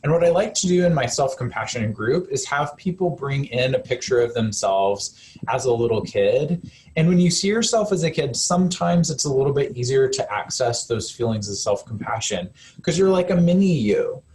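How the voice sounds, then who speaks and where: A man's voice: medium pitch, expressive, normal speed, darkish tone, a little hiss or hum. A man, a counselor, giving a casual live webinar talk in a conversational way, with lots of fillers and self-corrections.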